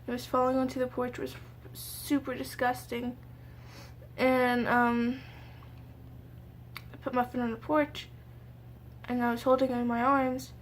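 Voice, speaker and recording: Young woman vlogger, high voice with a flat, narrow melody, halting and tearful storytime delivery, faint background hiss. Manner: halting, tearful retelling with many fillers. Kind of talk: emotional storytime vlog.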